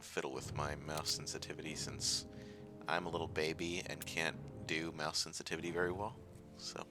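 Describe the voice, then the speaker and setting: A man's voice: a bass voice, little pitch movement, normal speed, over music. A man hosting casual let's-play commentary, rambling and self-deprecating with lots of fillers. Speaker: gaming channel host.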